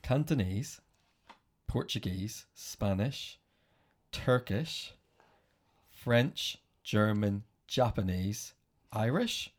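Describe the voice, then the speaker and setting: A man co-hosting a family podcast with his son in a casual, enthusiastic chat, quick to praise. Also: fairly low pitch, lively intonation.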